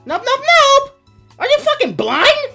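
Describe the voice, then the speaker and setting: Man doing a bubbly game girl streamer, pinched falsetto, very high, swooping wildly up and down. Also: wildly swooping pitch, a little slow, bright, forceful tone, soft background music, full character voice. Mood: peppy teasing. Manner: peppy, teasing, brash. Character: bubbly female streamer gym leader. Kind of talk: video game voice-over.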